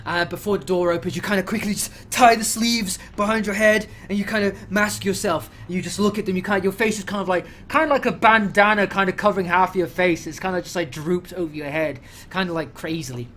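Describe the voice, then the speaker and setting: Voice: medium pitch, a little fast, hardly any pauses, a bit bright, a little hiss or hum. A game master narrating a tabletop horror game in a loose, hesitant way, often restarting.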